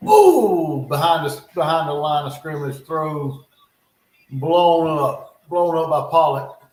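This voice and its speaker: A man's voice: on the high side, expressive, slow, darkish tone. Male streamer, loose play-by-play with offhand asides, recorded at home in a roomy echo. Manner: chatty, thinks aloud, muttering asides. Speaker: livestream host reacting to football. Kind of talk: casual live game commentary. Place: home in North Carolina. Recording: echoey room.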